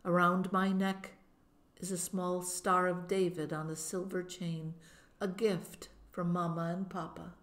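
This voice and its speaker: A woman narrating a novel in first person as an audiobook, in a measured, expressive manner. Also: fairly low pitch.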